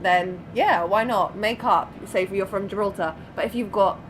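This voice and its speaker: A woman's voice: mid-range voice, moderate pace. Chatty woman in noisy surroundings. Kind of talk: casual chat.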